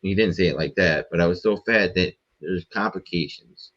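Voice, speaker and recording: A man appearing as a podcast guest, telling a story in a rambling, profane, animated way. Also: deep voice, moderate pace, dull audio. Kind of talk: casual storytelling.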